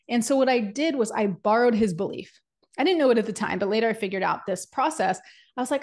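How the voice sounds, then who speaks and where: A woman with a somewhat high voice presents a business webinar as a coach. She tells her story in an animated, chatty way, scattering "like" through it and acting out quotes. She keeps turning to address her audience directly. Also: fast.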